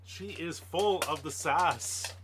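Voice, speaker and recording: A man's voice: fairly high pitch, slow. A man casually chatting on a live stream, greeting viewers and playing with his dog, laughing often. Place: home.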